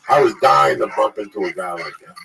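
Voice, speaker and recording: A man who is a stand-up comedian, telling a heated, profane story in casual chat, recorded on a distant mic with loud noise behind. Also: on the low side, animated, brisk, vocal fry, a loud crowd.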